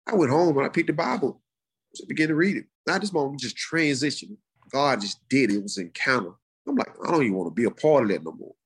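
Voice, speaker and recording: A middle-aged man, telling his life story in a casual, animated way. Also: fast talker, husky. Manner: animated, acts out quoted voices in high pitch. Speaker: guest sharing his testimony. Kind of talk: conversational storytelling.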